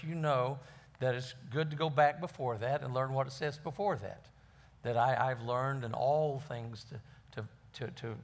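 A man who is a pastor, preaching a conversational sermon in a folksy way and often repeating words as he finds his phrasing. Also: mid-range voice.

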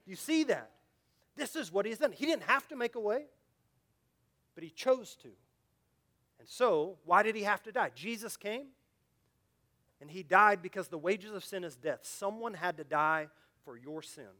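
A male pastor delivering a sermon in a high, light voice. He pleads with his listeners directly and earnestly. He rises to loud, urgent emphasis and sinks to hushed, low asides. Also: expressive, moderate pace, pauses often.

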